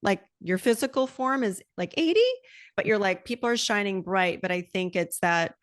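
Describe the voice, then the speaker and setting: A middle-aged woman hosts a podcast, speaking candidly and with animation and swearing freely in casual talk. Her voice is mid-range at a normal pace, recorded with clean studio sound and no echo.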